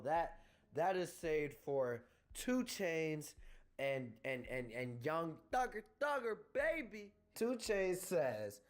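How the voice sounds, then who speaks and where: A young man giving a profane, exasperated album review rant, stumbling over restarts and repeating himself as he vents. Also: mid-range voice. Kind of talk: ranting music review.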